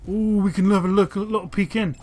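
A man giving casual, excitable and profane commentary while playing a video game. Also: high voice, fast talker. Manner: excitable, profane, talks to his dog companion. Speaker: let's play commentator.

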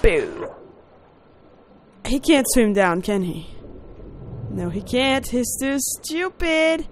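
Excitable woman narrating a game playthrough. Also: on the high side, very slow, slight background noise. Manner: excitable, talks to the game character, yells in panic. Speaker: gaming video host. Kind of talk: let's play commentary.

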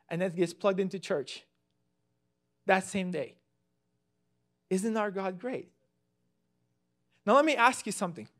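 Young male evangelist, high-pitched, earnest sermon storyteller who repeats himself. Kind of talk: sermon with personal testimony.

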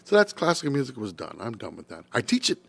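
An older man spins a long anecdote in a podcast interview. He stammers on repeated words, laughs as he goes and slips into other people's voices. His voice sits at a middle pitch and sounds close and dry. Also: wildly swooping pitch, fast talker, vocal fry, slightly rough, no echo. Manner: acts out quoted voices, laughs often, restarts with repeated words. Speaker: trumpeter guest. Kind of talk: animated storytelling in a podcast interview.

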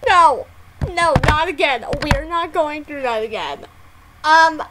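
A woman hosting a casual music reaction vlog, excitable and given to loud, dramatic exclamations and frequent swearing. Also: high voice, slow pace, slight background noise.

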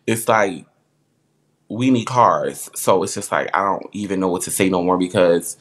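A man's voice: low voice, normal speed, a bit bright. A man hosting a live stream, chatting casually in a heartfelt, rambling way full of filler words.

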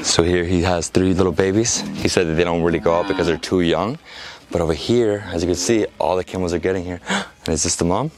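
A man making a casual, excited travel vlog outdoors at a camel farm, gasping and exclaiming as he films. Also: low voice, fast, crowd noise. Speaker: travel vlogger.

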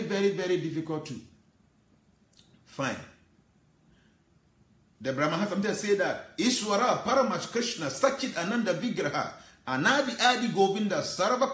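A man's voice: sits high, a bit bright, roomy sound. A man preaching an earnest, emotional sermon, reciting Sanskrit verses and explaining them. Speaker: spiritual teacher.

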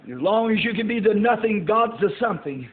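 Preacher with a folksy drawl, high-pitched. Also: male voice, animated, brisk. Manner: folksy preaching, rising to shouts. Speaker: pastor. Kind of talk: sermon. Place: church. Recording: tinny roomy old sermon tape.

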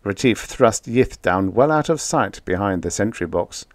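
A man narrating a science fiction audiobook in an expressive, lively reading. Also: lowish voice, moderate pace, hardly any pauses, no room sound, clean studio sound.

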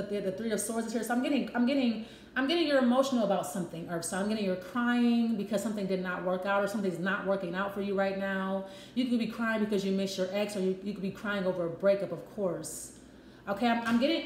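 A woman giving a casual tarot love reading, chatty and repetitive, with frank, profane asides. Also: on the high side. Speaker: tarot reader. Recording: echoey room with faint noise.

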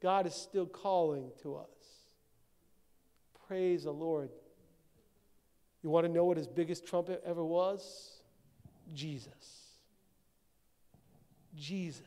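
A male pastor preaching a sermon, swinging from shouted declarations to hushed, low passages. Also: smooth. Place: church sanctuary. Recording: long church-hall reverb.

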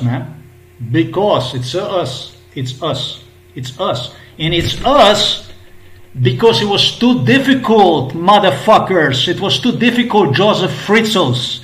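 A man in his fifties goes on a bitter, sarcastic rant, swearing, mocking and circling back over the same words. His voice sits a bit high for a man. The room around him is echoey. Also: a bit bright. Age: 50s. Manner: profane, mocking, repetitive. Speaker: vlogger translating an interview clip.

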